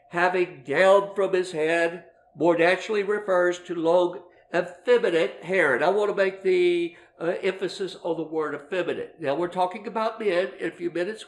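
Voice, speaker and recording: A middle-aged man teaching a Bible lesson, explaining slowly with many fillers and restarts. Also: fairly high pitch, vocal fry, roomy sound.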